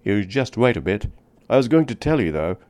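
A man reading aloud, voicing a dying, exhausted frontier wanderer in a tender, rough, folksy drawl. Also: on the low side, big pitch swings, brisk, a little mellow. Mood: tender, weary.

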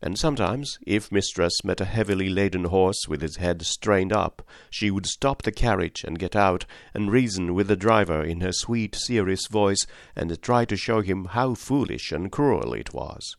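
A man reads a classic novel aloud with a deep, low voice and a calm, measured pace. The sound is dry and close, with no room echo at all. His delivery is steady and plain. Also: gravelly. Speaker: audiobook narrator. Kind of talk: scripted narration.

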